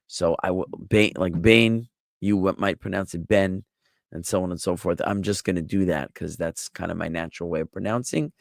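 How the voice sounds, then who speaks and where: American rabbi teaching scripture online, low and dry, patient with fillers. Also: male voice, brisk, vocal fry, few pauses, no room sound. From United States. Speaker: rabbi teaching a Bible class. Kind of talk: live online Bible lesson answering chat.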